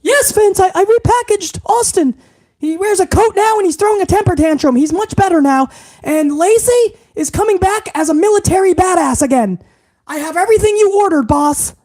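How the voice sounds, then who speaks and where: Fawning yes-man executive, voiced by a man, pitched up high, nervous and stammering. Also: animated, normal speed, a little mellow. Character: meek, eager-to-please male executive.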